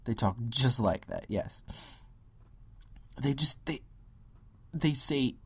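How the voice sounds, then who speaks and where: A man's voice: mid-range voice, animated, takes it slowly, long pauses, husky. A young man hosting a solo podcast, ranting and mocking other views with impressions and sudden whispers. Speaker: podcast host. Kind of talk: solo political rant.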